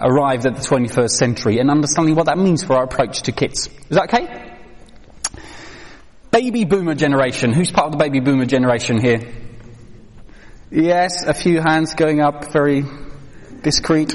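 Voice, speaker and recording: A man giving a training talk on children's faith to a live audience, conversational with many fillers and questions to the room. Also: fairly high pitch. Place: hall with an audience. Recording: reverberant hall.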